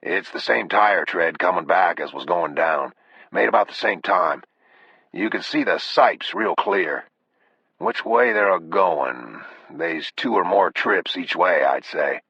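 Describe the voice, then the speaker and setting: A man voicing a weathered older Texas sheriff with a slow, laconic drawl, calm and grim, in an audiobook reading. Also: low-pitched, breathy edge, no room sound, heavily acted. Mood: matter-of-fact. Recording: dull, dry lo-fi audio.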